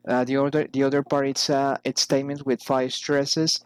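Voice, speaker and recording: A man reading English pronunciation drills aloud, careful and halting, with frequent pauses. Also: medium pitch, level tone, smooth, no echo, low-quality recording. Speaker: English learner.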